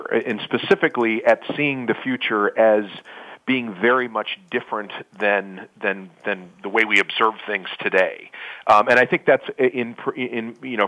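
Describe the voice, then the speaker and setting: A man answering as a panel guest, speaking in a halting way with many restarts. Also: on the low side, sharp tone, poor audio. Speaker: panel guest, company co-founder.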